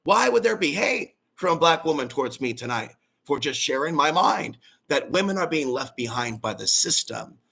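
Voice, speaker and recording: A man's voice: fairly high pitch, sing-song, moderate pace, vocal fry, hardly any pauses, pushed and bright, husky. A male host giving a preachy, ranting livestream monologue and calling out to his audience for amens.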